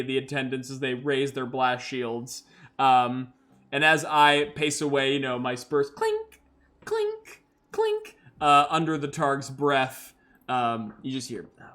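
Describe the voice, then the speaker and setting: A man's voice: medium pitch, a bit bright. A man narrating a solo tabletop role-playing game as host and game master. He talks loose and chatty, full of fillers, and laughs easily at his own dice rolls.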